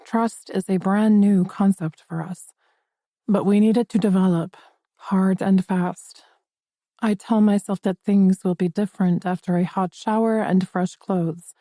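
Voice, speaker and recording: A woman narrating a first-person romance audiobook in an intimate, expressive storytelling manner. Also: medium pitch, unhurried, no echo, clean studio sound.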